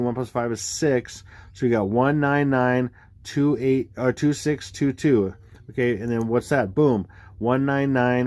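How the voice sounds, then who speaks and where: Rambling excited man, dry close mic. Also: dry recording. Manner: rambling, excitable, lots of fillers and "boom". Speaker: video creator explaining number theories. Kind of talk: casual screen-share commentary.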